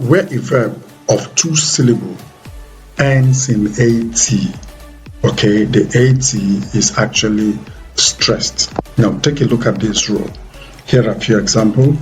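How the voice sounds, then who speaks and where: A man teaching an exam-prep English lesson, explaining pronunciation rules step by step in a methodical way. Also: medium pitch. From Nigeria. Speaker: English tutor.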